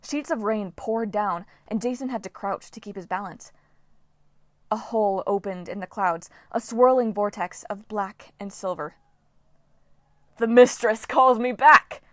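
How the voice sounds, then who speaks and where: A woman narrating a novel as an audiobook reader, with a lively, dramatic delivery. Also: medium pitch, moderate pace, no echo, studio quality. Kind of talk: scripted narration.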